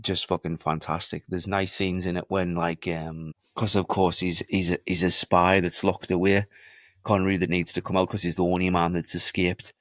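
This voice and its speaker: Deep-voiced, sweary man talking movies. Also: flat delivery, moderate pace, dry recording, studio quality. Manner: sweary, enthusiastic storytelling. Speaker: podcast co-host. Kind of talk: casual movie chat.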